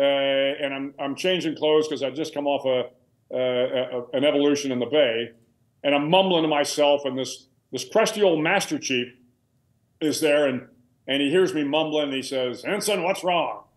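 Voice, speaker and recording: A man's voice: fairly high pitch, normal speed. Man in his sixties, roomy sound. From United States. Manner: conversational, anecdotal, frequent restarts and fillers. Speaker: guest, retired admiral and author. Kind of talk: candid storytelling interview. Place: home room with a billiards table.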